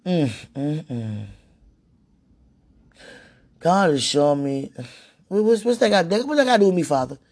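A woman's voice: deep voice, lively intonation, unhurried, long pauses, a little mellow. A woman vlogging in a casual, rambling monologue, sighing and repeating herself as she pleads aloud to God.

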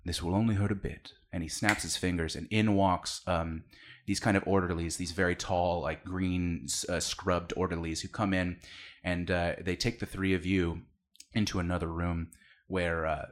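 Brief: a deep-voiced game master narrating loosely, with fillers and restarts. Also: male voice, flat delivery, moderate pace. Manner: rambling, with many fillers and restarts.

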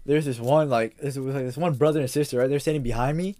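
A man hosting a podcast in casual chat, animated and often repeating words as he restarts. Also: medium pitch, quick pace. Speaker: podcast host.

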